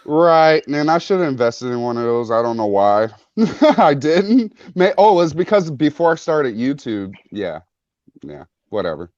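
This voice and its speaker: A man guesting on a tech livestream, lively and self-deprecating. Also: medium pitch, unhurried, no room sound, muffled recording. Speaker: guest YouTuber. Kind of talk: casual tech chat.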